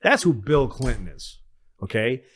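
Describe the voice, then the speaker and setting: A man co-hosting a podcast, telling stories in a casual chat. He swears freely, acts out little voices for the people in his stories, and keeps a mid-range pitch. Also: sing-song, measured pace, slightly rough. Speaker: podcast co-host.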